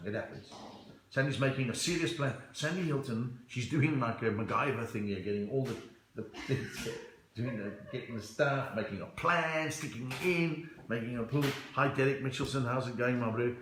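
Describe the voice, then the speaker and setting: This South African man has a mid-range, fairly bright voice at normal speed, recorded with a roomy sound and slight background noise. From a room at home, he does a playful comedy live stream, reading comments in a chatty way and slipping in and out of accents.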